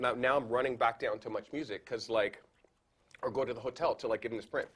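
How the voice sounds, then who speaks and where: A man from Canada, a podcast guest, telling a story in an animated, casual way full of fillers. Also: mid-range voice, fast, slightly rough. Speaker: guest photographer.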